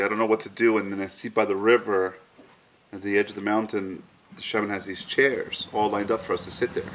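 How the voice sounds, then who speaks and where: A man's voice: fairly low pitch, fairly bright tone. A man in an interview recounting a personal experience frankly, swearing freely and telling it vividly. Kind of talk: candid storytelling in an interview.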